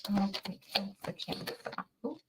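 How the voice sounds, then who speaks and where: A woman's voice: medium pitch, lively intonation, moderate pace, breathy edge, rough recording. A middle-aged woman chatting casually as she gives a tarot reading on a livestream, folksy and exclamatory. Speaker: tarot reader.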